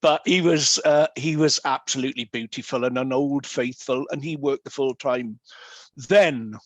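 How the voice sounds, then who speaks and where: A man telling humorous stories with many fillers and pauses, speaking as guest at an online meeting over a video call. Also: mid-range voice, no echo. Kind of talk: anecdotal talk at an online meeting.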